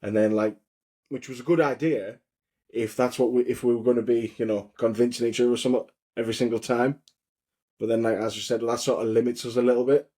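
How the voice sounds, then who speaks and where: A man's voice: mid-range voice, steady tone, quick pace, dark tone. A man, a podcast guest talking casually and hedging with "I mean" and "like I said". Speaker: podcast guest and co-host of another show. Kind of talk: casual interview chat.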